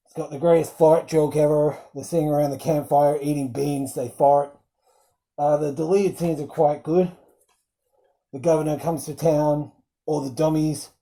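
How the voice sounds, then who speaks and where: Mellow deep-toned film reviewer, slow and rambly, keeps quoting lines. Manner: rambling, full of fillers; fond, quotes film lines.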